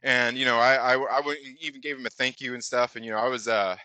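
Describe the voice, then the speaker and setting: This channel host is a man with a medium-pitched, steady, sharp voice who talks quickly. He rambles through a casual story packed with fillers, acting out the dialogue, and the audio has no echo.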